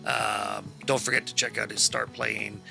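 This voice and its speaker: A man's voice: on the low side, flat delivery, unhurried, creaky, music in the background. A man hosting a stream, chatting casually after a game session and praising his fellow players with rambling enthusiasm and casual swearing. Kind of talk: casual post-session chat.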